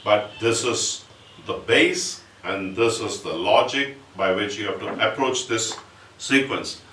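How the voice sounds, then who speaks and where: Guy teaching a drum lesson real slow, chants the syllables, sounds far off in an echoey room with music playing. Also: on the low side, lively intonation, bright, forceful tone, slight background noise. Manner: patient, explains step by step, chants drum syllables slowly. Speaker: percussion teacher. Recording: roomy, from off-mic, with instrument playing.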